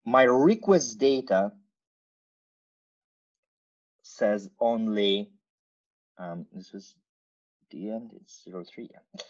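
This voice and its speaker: A man walks through a technical demo at a slow, unhurried pace, stopping often on fillers. His tone stays casual, with playful asides along the way. The sound is dull and lo-fi, like a remote recording. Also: fairly low pitch, expressive, darkish tone. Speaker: conference speaker. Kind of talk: technical screen-share talk.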